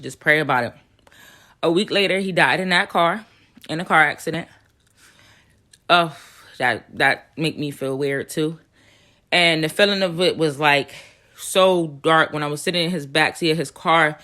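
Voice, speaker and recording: A woman's voice: low voice, bright, forceful tone. A young woman in her twenties, rambling and earnest, shares personal spiritual stories in a casual vlog. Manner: rambling, earnest storytelling with restarts and emotional swells. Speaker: spiritual vlogger. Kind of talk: casual personal testimony to camera.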